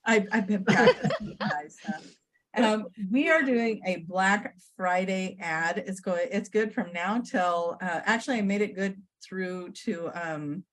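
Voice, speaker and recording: A woman's voice: medium pitch, measured pace, few pauses. A woman guest on a podcast, chatting casually and upbeat, promoting an event in a rambling way. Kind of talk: casual chat.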